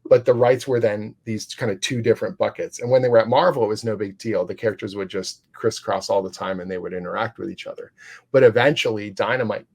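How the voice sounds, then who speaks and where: A man's voice: lowish voice, fast talker, creaky, darkish tone, breathy edge. A man who writes comics, talking as an interview guest in a rambling, enthusiastic way, full of fillers and restarts. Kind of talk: casual interview storytelling.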